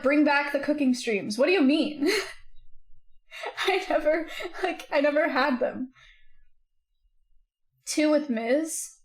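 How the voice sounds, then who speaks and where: A woman streamer chatting casually with her viewers, reacting aloud to their comments and to clips. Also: high-pitched. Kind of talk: casual chat with live viewers.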